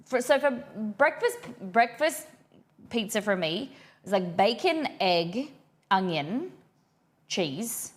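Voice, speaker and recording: A woman's voice: medium pitch, very animated, slow pace. A young woman hosting a cooking livestream, chatting casually and rambling as she reads her viewers' messages aloud.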